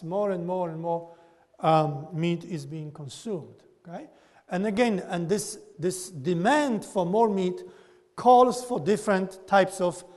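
A man giving a classroom lecture, often checking in with his listeners with a quick "okay?". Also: high-pitched, darkish tone, in a large hall. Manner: keeps tagging "okay?" onto points.

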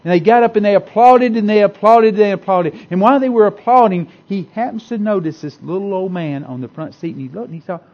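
Man, preacher, fervent sermon, repeats himself, swings loud to soft, somewhat high voice. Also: brisk, few pauses, dull audio. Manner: impassioned, repeats phrases, swings from loud to hushed.

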